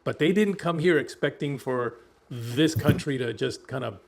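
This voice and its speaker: Male co-host, reflective and steady, casual chat. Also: medium pitch, normal speed, creaky. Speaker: co-host of a faith film review show.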